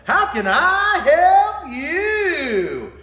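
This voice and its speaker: A young fast-food greeter bursting with cheer , as put on by a man telling a story. His voice sits high and rings out loud, each word stretched long and bright. It echoes around a hard room. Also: very animated, heavily acted. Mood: ecstatic. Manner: booming, drawn-out, over-the-top cheerful. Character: overjoyed young male drive-thru greeter.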